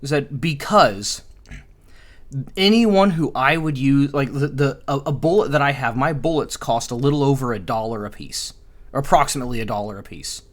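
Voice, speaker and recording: A man's voice: medium pitch, normal speed. A man co-hosting a casual book-club podcast, rambling with many fillers and restarts. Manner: rambling, many fillers, acts out character dialogue. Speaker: podcast co-host.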